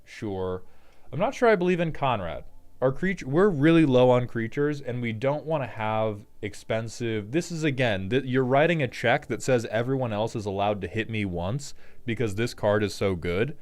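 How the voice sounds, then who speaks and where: A man's voice: medium pitch, expressive, normal speed. A man hosting a casual, jokey commentary on a card game deck, rambling with profane asides. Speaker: host.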